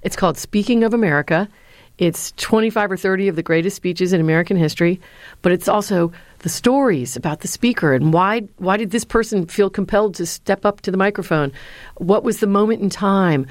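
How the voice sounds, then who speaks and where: A middle-aged woman, a former speechwriter and lecturer, answering interview questions with earnest, lively storytelling. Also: mid-range voice, brisk, dry recording. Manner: earnest, lively storyteller who acts out quotes.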